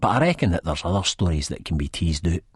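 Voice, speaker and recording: A man's voice: deep voice, very animated, fast talker, slightly rough, no echo, studio quality. A man with an Edinburgh Scottish accent reading a first-person audiobook in dialect, rambling and slangy with a wistful edge. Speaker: audiobook narrator.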